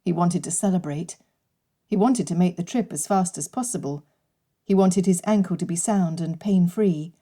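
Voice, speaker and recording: A woman narrating an unabridged audiobook in a measured, even storytelling manner. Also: lowish voice. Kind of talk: scripted narration.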